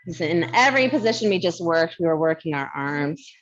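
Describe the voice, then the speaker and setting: A woman instructor leading a barre fitness class, chatty and quick to laugh, counting down reps, with a slight lisp. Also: on the low side, lively intonation, dull audio. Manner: mild lisp from new aligners.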